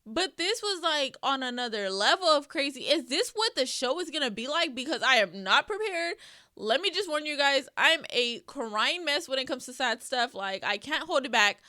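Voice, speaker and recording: A woman hosting a reaction channel, talking casually in an expressive, emotional way and swearing freely. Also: high-pitched, fairly quick, dry recording, studio quality.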